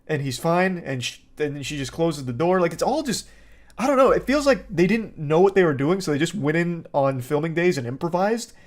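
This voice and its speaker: A man gives a casual, sarcastic rant as a movie reviewer. He sounds exasperated and swears freely. His voice sits a little higher than most men's. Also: animated, brisk. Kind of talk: casual ranting commentary.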